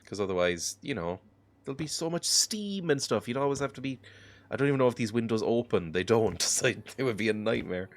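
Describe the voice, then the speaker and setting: A man's voice: medium pitch, lively intonation, a little fast, soft background music. A sick man giving rambling, self-mocking commentary while playing a game, chuckling often. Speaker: gaming video host. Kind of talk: casual let's-play commentary.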